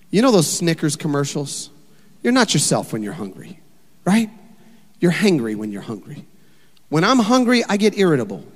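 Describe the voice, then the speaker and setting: Emphatic male pastor in a reverberant hall. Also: fairly high pitch. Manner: animated, emphatic, rhetorical questions. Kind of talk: sermon.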